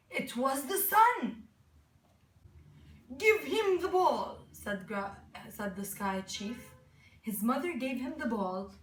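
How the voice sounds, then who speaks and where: A woman telling a folk story aloud, halting and restarting words, asking her listeners questions. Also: a little high. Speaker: student storyteller. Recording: echoey room, mic far off.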